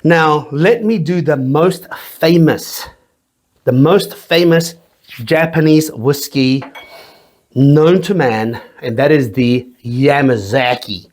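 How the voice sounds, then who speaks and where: A man's voice: a little high, takes it slowly, darkish tone. A man hosting a casual whisky review from his small home studio, joking and swearing as he rambles, sweaty in the summer heat.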